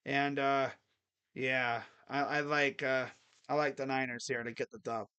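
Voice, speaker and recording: A man hosting a football picks video, talking casually and excitably and thinking out loud. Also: medium pitch, unhurried, smooth, dull audio. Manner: rambling, excitable, thinks aloud. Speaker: sports picks channel host.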